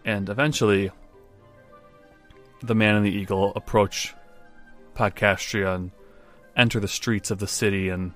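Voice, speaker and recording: A man as game master, narrating a tabletop game in slow descriptive turns. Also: lowish voice, fairly bright tone.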